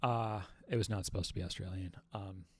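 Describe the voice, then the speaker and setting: A man hosting a casual livestream Q&A, rambling and halting through lots of fillers and self-mocking jokes. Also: deep voice, fairly even intonation, a little mellow, husky. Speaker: livestream host.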